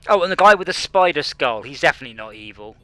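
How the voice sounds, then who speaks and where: A man's voice: medium pitch, big pitch swings, fast talker, fairly bright tone, dry recording, soft background music. A man streaming a space game, chatting casually and mocking himself as he plays. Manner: rambling, self-mocking, talks to himself while playing. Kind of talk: casual gaming chat.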